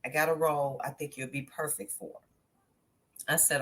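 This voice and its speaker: A deep-voiced actress on a podcast tells her stories at a moderate pace in casual conversation. She acts out the quotes with energy and laughs a great deal.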